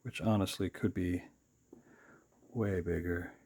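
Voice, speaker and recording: A man hosting his sketchbook channel, casually narrating while he draws, relaxed with self-deprecating asides. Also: low voice, slow pace.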